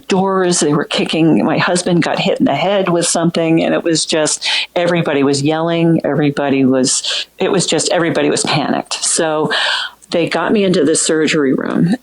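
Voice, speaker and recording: Low-voiced woman telling an emotional story. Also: low-quality recording. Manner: earnest, halting, recounting with restarts. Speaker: guest sharing a personal story. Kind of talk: emotional first-person storytelling.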